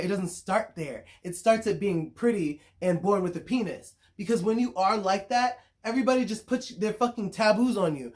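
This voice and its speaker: A woman talking to the camera in a casual monologue, frank and blunt, swearing freely, repeating words as she thinks and often checking in with her listeners. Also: medium pitch. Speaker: spiritual consultant and vlogger.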